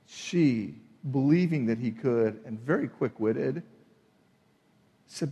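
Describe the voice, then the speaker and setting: A man preaching a sermon, emphatic and animated, acting out the people in his retelling. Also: medium pitch, takes it slowly, long pauses, in a large hall. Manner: emphatic, acts out voices in retelling. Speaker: pastor.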